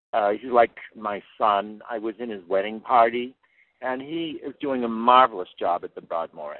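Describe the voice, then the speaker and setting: A man's voice: fairly low pitch, dry recording. Older man coach on a phone line. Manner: earnest and plainspoken, repeats words as he thinks. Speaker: figure skating coach. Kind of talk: interview answers. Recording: tinny phone-line sound, dry.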